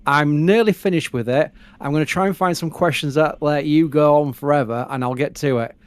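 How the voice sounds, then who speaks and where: A man hosting a live stream, talking fast and bubbly with rushed asides. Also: fairly high pitch, smooth, no echo. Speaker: stream host. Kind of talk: casual live commentary.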